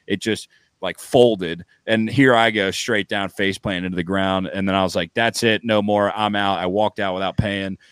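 Low-voiced man telling a profane story. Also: fairly even intonation, normal speed, clean tone, no room sound. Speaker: podcast host. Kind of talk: casual chat.

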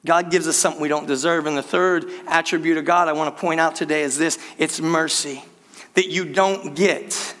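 An older man preaching a sermon to his church in a playful, conversational way with quick asides. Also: a little high, steady tone, a bit bright, long reverb tail. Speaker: pastor. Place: church sanctuary.

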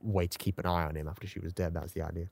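Low-voiced man in casual podcast chat. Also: level tone, racing, vocal fry, a little mellow, no room sound, clean studio sound. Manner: quotes lines with bursts of laughter. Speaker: podcast co-host.

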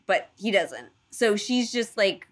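A woman telling a story in casual chat, animated, full of fillers and casual swearing, acting out voices for the people in it. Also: medium pitch, takes it slowly. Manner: animated storyteller, acts out quoted gods in playful voices.

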